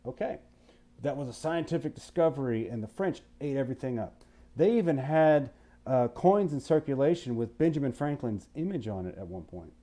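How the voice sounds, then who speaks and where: A man's mid-range voice, at normal speed, delivers a recorded history lesson in a playful, animated style. He poses questions to the listener and now and then slips into different voices.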